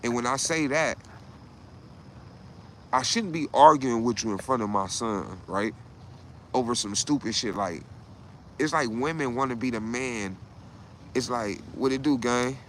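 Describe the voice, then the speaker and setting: A man's voice: mid-range voice, measured pace, pauses often, slight background noise. A man talking to his live stream viewers in a rambling, profane monologue, often tagging "right?" onto what he says. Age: adult.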